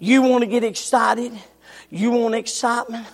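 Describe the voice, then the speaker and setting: An older man preaching a sermon, swinging from shouts to hushed near whispers. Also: very high-pitched, fairly even intonation, moderate pace, creaky. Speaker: pastor. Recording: long hall reverb.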